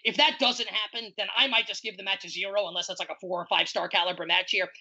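A man's voice: sits high, steady tone, fast, sharp tone, breathy edge, dull audio. A man in his thirties co-hosting a casual chat, ranting in exasperation and packing his talk with "like.". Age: 30s. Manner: exasperated ranting, heavy "like" fillers. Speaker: podcast co-host.

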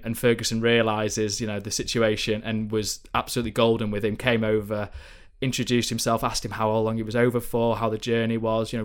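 A young man, a football correspondent, telling stories in a chatty, rambling way on a podcast. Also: mid-range voice. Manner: chatty storyteller, many ums and restarts. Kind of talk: podcast chat.

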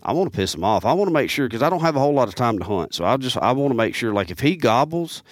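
A man's voice: medium pitch, racing, no echo. A man, a guest on a podcast, telling a casual, rambling story in a studio. He fills his sentences with "man" and "you know.". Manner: rambling, animated, peppers speech with "man". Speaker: podcast guest, turkey hunter.

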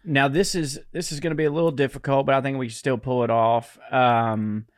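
Podcast co-host, man, relaxed mail reader, middle pitch, dry close sound. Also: fairly quick, no room sound. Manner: laid-back, swears, laughs often. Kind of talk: casual chat, reading listener mail.

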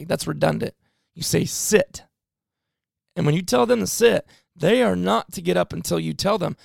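A man's voice: sits high, vocal fry, no room sound, clean studio sound. A man hosting a casual podcast about training hunting dogs, folksy and earnest, often acting out what people say. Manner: folksy and earnest, acts out quotes. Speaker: podcast host, dog trainer.

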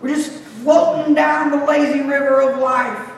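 A man with a high voice preaching in a sermon, chatty and wry, then hammering his points home in punchy lists. He is picked up from a distance, and his voice rings around a large, echoing hall with a long reverb tail and a faint hiss beneath. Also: fairly even intonation, unhurried. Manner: conversational and joking, with sudden emphatic lists. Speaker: pastor. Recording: echoey hall, mic far off.

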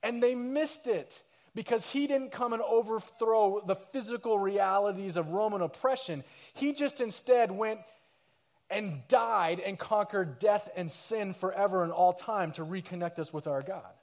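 A man preaching a casual, animated sermon, acting out the people in the story with slang and quick voice changes. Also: sits high. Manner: casual slang like dude and crazy. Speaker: pastor.

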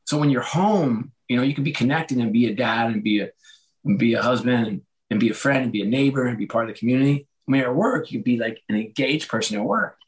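Middle-aged guy, bit hoarse, chatty storyteller who does everyone's voices, medium pitch. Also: quick pace, poor audio. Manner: animated, acts out quoted dialogue. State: slightly hoarse. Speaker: guest, author and former sports executive. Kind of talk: casual conversational storytelling.

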